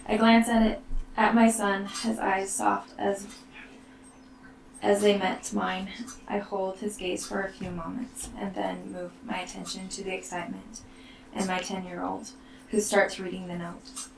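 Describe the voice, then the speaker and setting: A woman tells her own story slowly, her voice soft, halting and gravelly, often dropping near a whisper. She sounds roomy and a little distant from the mic, with faint noise behind. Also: medium pitch, level tone. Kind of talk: personal storytelling.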